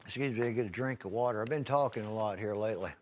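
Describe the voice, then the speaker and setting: A man's voice: lowish voice, very fast, a little mellow. A man hosting a home-shopping knife sale, folksy and rambling, with many "uh"s and restarts. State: clearing his throat now and then. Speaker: TV shopping host selling knives. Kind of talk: live home-shopping sales pitch.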